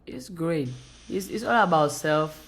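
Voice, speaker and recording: A woman's voice: low-pitched, unhurried. A woman motivational speaker talking on a live stream, driving her points home with emphatic, repeated phrases.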